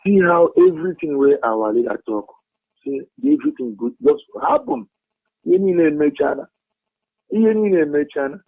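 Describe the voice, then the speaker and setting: A man with a Nigerian Igbo accent calling into a radio show, agitated and halting, switching between languages. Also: fairly high pitch. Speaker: caller. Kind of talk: impassioned call-in. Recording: tinny phone line.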